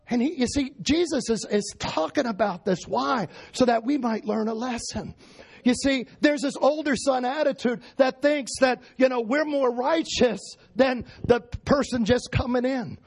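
A man's voice: very high-pitched, a little slow, darkish tone. A man preaching a sermon in an emphatic way, firing questions at his congregation.

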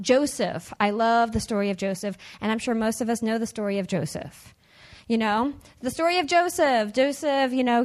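Woman, fairly high voice, church testimony, earnest, conversational, repetitive. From United States. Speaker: teacher sharing a church testimony. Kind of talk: personal testimony talk.

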